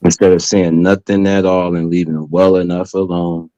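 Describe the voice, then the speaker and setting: A man's voice: low voice, little pitch movement, normal speed, mellow, no echo, highs cut off. A man hosting a casual podcast chat, laid-back and slangy, often tagging his points with "you know what I'm saying". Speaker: podcast host.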